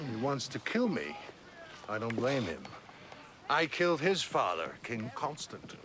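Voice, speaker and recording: A man's voice: mid-range voice, very animated, measured pace, noisy background. An actor playing a ruthless, paranoid medieval king who threatens and barks orders. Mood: menacing. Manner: menacing, commanding, shouts orders.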